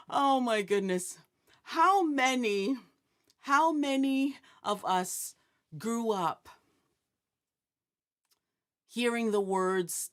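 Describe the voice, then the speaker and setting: Slow, high-voiced woman hosting an inspirational talk. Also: expressive, fairly bright tone. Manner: chatty, asks the audience questions, jokes. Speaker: host. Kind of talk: inspirational live-show talk.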